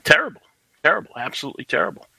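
Male call-in guest, profane ranter; tense bright tone, dry. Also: a little high, very animated, racing, gravelly, husky, dry recording, rough recording. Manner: ranting, profane. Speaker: caller. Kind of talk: casual phone-in chat. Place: South Florida.

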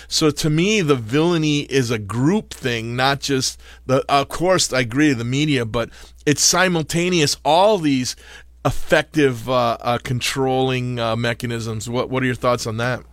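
A man calling in to a podcast, asking a long run-on question in a halting way with repeated words. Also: medium pitch, no room sound. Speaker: caller. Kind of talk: call-in question.

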